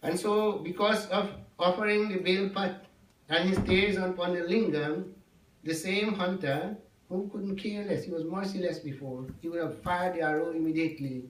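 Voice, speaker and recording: A man's voice: high voice, moderate pace, a little hiss or hum. A man telling a devotional story to an audience, often checking in with 'yes?' and 'no?'. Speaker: religious storyteller. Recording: echoey hall, mic far off.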